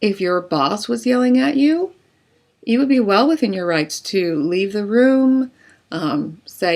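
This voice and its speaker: A woman's voice: medium pitch, animated, measured pace. A woman relationship coach explaining in a conversational way, using everyday examples and casual fillers. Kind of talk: explanatory talk to camera.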